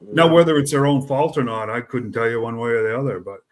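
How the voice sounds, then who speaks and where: A man's voice: mid-range voice, fast. Rambling man chatting. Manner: rambling, conversational, many fillers and restarts. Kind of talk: casual chat.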